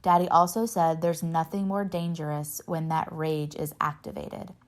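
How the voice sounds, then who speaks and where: A woman reads a novel aloud in a steady first-person narration. Her voice sits on the low side with a gravelly fry, and she gives the dialogue a light touch. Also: normal speed. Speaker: reader.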